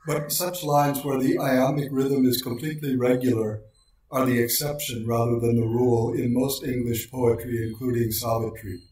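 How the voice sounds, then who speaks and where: A man giving a precise, measured lecture on poetic meter and slowing down to recite lines of verse. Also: mid-range voice, flat delivery, a little mellow. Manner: precise, deliberate delivery, slows for quoted lines. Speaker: lecturer on poetry. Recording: very echoey room, voice far from mic.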